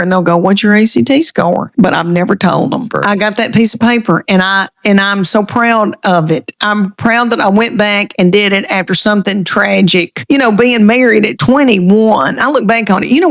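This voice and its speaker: A middle-aged woman comedian with a thick Southern country accent, chatting folksy and animated in an interview. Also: medium pitch, gravelly. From American South. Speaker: comedian guest. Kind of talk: casual interview chat.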